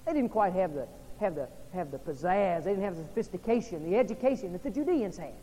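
A man from Oklahoma or Texas, a pastor preaching an evening sermon in a church, swinging between loud and hushed delivery. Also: animated, fast. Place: church sanctuary. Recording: long reverb in a large hall, faint rumble.

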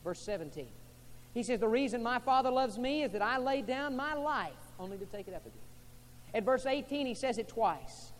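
A man preaching a sermon, dropping to soft, low passages and rising to loud, fervent preaching. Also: long reverb tail.

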